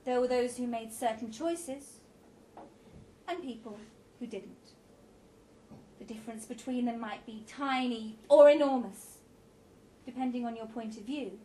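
Woman reading a tense short story out loud, high voice, lots of drama in it, faint hiss behind. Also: unhurried. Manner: dramatic, varied delivery.

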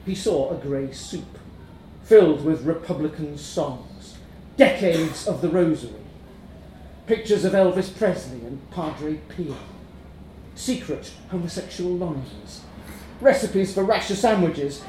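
A man's voice: fairly high pitch, measured pace, mellow, a little hiss or hum. A man reading a darkly comic story aloud, wry and chuckling. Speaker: narrator. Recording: roomy echo.

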